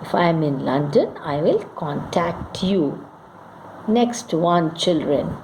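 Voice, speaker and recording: A woman's voice: low-pitched, animated, darkish tone, slight background noise. A woman teaching English grammar, reading out wrong sentences, then correcting them and quizzing her students. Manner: slow, deliberate, corrects each sentence and quizzes the class. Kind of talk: classroom grammar lesson. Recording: echoey room with faint ambience.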